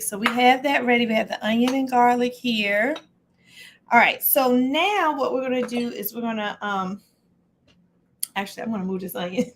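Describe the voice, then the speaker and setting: A woman with a slightly high voice hosts a relaxed live cooking stream from her home kitchen. She talks through each step as she chops and keeps greeting viewers by name. Soft clinks of dishes and pans sit faintly behind her. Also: a little hiss or hum. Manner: chatty, greets viewers by name mid-task. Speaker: livestream cooking host. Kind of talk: casual live cooking demo.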